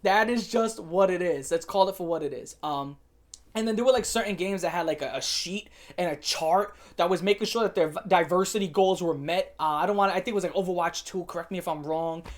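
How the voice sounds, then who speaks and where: A woman's voice: lowish voice, a little fast. A woman hosting her own channel, delivering an emphatic, sarcastic opinion rant and mocking the people she talks about. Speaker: channel host.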